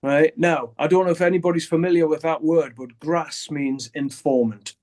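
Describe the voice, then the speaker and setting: A man's voice: a little high, fairly even intonation, normal speed, darkish tone. An older man, a guitarist, telling a candid story in an interview over a video call, blunt and swearing often as he acts out what others said.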